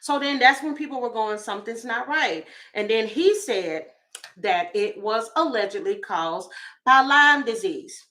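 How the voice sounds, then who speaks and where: A woman's voice: a little high, expressive, measured pace, sharp tone. A woman, giving goofy, chatty celebrity gossip commentary as a tarot reader and calling her viewers y'all.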